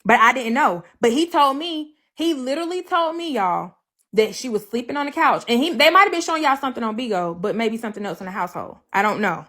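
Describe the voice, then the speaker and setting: A woman's voice: on the high side, animated, quick pace, bright, forceful tone. A woman talking casually on a livestream, blunt and profane, hammering her points home by repeating them. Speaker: livestreamer telling her side of a breakup.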